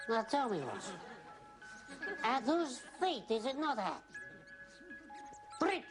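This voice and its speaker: Australian man, drunk and fond, slow, swooping pitch, music under. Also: sing-song. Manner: drunken, slurring, overly affectionate. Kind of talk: comic monologue.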